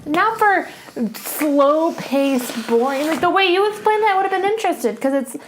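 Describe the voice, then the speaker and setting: A woman's voice: extremely high pitch, animated, fast talker, a little hiss or hum, rough recording. A woman co-hosting a casual movie review podcast, blunt and dismissive. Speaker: podcast co-host.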